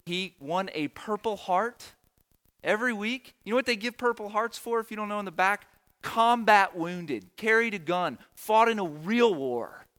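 Preacher guy, middle-aged, kinda high bright voice, earnest and emotional, keeps repeating himself for emphasis. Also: lively intonation, normal speed. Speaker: pastor. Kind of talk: sermon storytelling.

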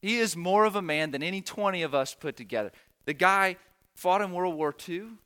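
A middle-aged pastor tells a story from the pulpit, earnest and emotional. His voice sits a bit high for a man, with a forceful, bright edge. He drives his points home by repeating phrases. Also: expressive, moderate pace. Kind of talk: sermon storytelling.

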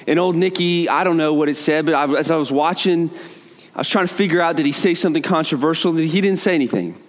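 A middle-aged man telling a humorous, self-mocking story to an audience in a conversational way, full of quick asides and restarts. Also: fairly high pitch. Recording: long reverb of a large hall.

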